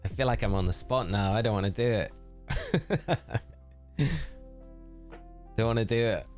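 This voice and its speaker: This is a man with a fairly low, worn-out voice, chatting easily to his live-stream audience. He sounds upbeat and friendly, with soft game music playing underneath. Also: normal speed. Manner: chatty and upbeat, thanking viewers by name. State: tired voice. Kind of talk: casual live-stream chat while gaming.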